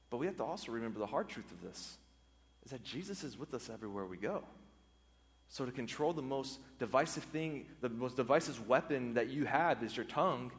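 A man's voice: mid-range voice, expressive, brisk. A man preaching a sermon as a pastor, earnest, often repeating words and phrases for emphasis. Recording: long hall reverb.

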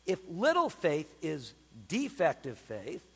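A male pastor preaching in a church, his high voice leaping up and down as he leans hard on key words. There is a slight huskiness to his tone, and his pauses ring out in a long hall reverb. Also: gravelly, breathy edge. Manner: animated, emphatic preaching with dramatic pauses. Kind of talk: sermon.

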